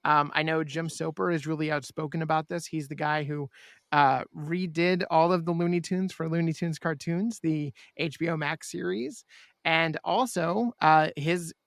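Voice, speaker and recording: A man's voice: fairly high pitch, fairly even intonation, normal speed, gravelly, dry recording, clean studio sound. A man hosting a podcast, talking in an earnest, enthusiastic way. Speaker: podcast host. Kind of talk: casual chat.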